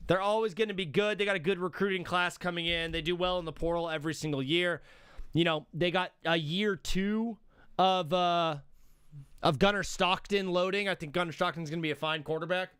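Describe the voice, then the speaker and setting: A young man with a high, steady, slightly bright voice hosts a live sports show, talking a little fast as he ranks teams. He rambles, cuts himself off, and mutters to himself while working, like casual live-stream commentary. The recording is clean, with no room sound.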